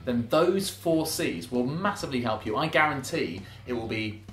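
A man who presents on television, giving presenting tips in a calm, conversational, measured way. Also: mid-range voice, roomy sound. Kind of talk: relaxed instructional talk with mock news reads.

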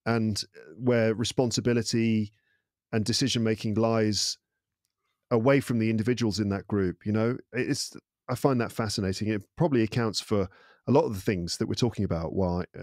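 A man's voice: fairly low pitch, no echo. Englishman, dry close sound. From England. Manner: thoughtful, animated storyteller. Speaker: podcast guest. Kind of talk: casual interview chat.

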